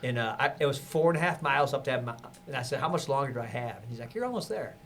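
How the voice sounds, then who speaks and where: A man, a podcast guest, telling a lively story in casual conversation and acting out the people he quotes. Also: mid-range voice, rapid-fire. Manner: animated, acts out quotes with laughter.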